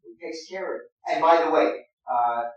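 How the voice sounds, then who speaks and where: A man's voice: fairly high pitch, moderate pace. A man teaching an acting master class, giving directions and demonstrating lines aloud. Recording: echoey room, distant mic, dull sound.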